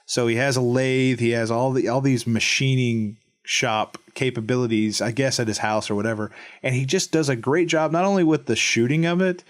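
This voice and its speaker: A man's voice: medium pitch, fairly even intonation, moderate pace, few pauses. A man with a Texan accent, co-hosting a podcast in casual chat, rambling with lots of fillers and restarts. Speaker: podcast co-host.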